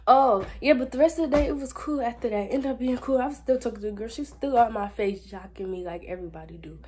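A woman's voice: mid-range voice, slightly rough. Sassy teenage girl telling a story. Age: teens. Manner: animated, sassy, talks straight to viewers. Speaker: vlogger. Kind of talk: casual storytime vlog.

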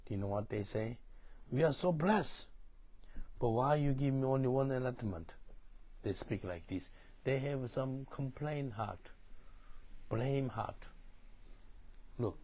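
A man's voice: medium pitch, measured pace, long pauses, darkish tone. A male pastor teaching from the Bible in broken English, often checking "do you understand?". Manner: non-native English, broken grammar, frequent "do you understand?".

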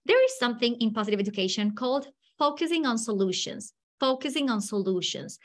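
Animated, woman running a workshop. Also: fairly high pitch. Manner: animated, upbeat, coaxing. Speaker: teacher trainer leading a workshop. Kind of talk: live online workshop. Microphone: video call.

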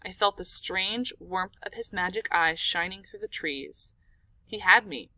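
Woman reading an audiobook, bright crisp voice, dry close mic, lots of drama. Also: mid-range voice, measured pace, no room sound. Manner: expressive, dramatic storytelling. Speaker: audiobook narrator. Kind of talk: scripted audiobook narration.

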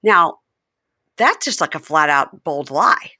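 A woman hosting a podcast, recapping a TV episode in lively, animated casual chat. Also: deep voice, slow. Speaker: podcast host.

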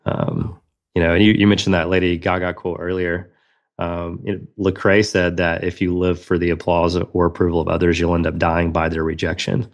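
A man's voice: low-pitched, flat delivery, normal speed. A man in his thirties, a podcast guest telling a personal story in an earnest, reflective way.

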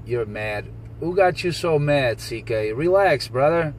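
A man from New Jersey on a CB radio channel, calmly teasing and laughing at a rival. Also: mid-range voice, a little slow, slight background noise, low-quality recording. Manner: taunting, laughing, calm and teasing. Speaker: CB radio operator recording his channel. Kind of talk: casual radio banter, mocking.

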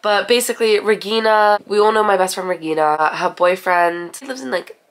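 A woman's voice: mid-range voice, a little fast. A woman in her twenties from England, chatting casually to camera at home with a stuffy nose from a coming cold. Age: 20s. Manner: chatty, gushing, self-mocking. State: stuffy nose, getting sick. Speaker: vlogger. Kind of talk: casual vlog chat to camera. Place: home, indoors.

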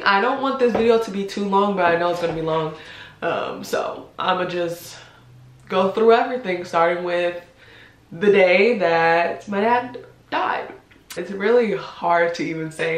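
A woman in her twenties telling a painful personal story in a vlog. She talks in a heartfelt, hesitant way with many pauses, and she is holding back tears. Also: fairly low pitch. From United States. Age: 20s. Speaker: vlogger. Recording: roomy echo.

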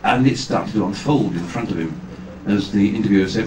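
A man, a guest actor at a fan convention, telling self-deprecating anecdotes on stage with halting restarts. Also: lowish voice, darkish tone. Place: large hall with audience. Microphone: far camera, amateur video. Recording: echoey hall from far off, noisy amateur video.

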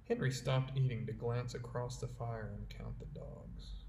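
A man narrating a novel chapter aloud in a measured, steady reading voice. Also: medium pitch, vocal fry. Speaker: audiobook reader. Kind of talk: storybook narration. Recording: roomy echo, faint background hiss.

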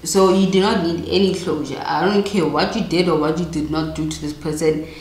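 Young woman, low voice, blunt, emphatic, chatty vlog advice, echoey room. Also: fairly even intonation, brisk, darkish tone. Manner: blunt, emphatic, chatty, addresses viewer directly. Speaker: vlogger giving relationship advice. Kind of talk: casual advice monologue to camera.

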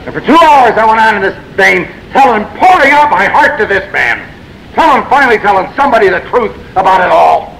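A man's voice: high-pitched, very animated, fairly quick, creaky, a bit bright, a little hiss or hum, low-quality recording. A man speaking at a recovery meeting, telling his story in a blunt, self-mocking way that swings between wry and exasperated. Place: meeting room.

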